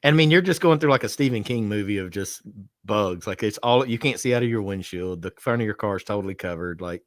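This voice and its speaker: Deep-voiced Alabama man, chatty. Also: fast talker, no room sound, clean studio sound. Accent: Southern US (Alabama). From South Alabama, USA. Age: middle-aged. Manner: chatty, storytelling, self-deprecating. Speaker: guest on whiskey livestream. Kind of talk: casual chat.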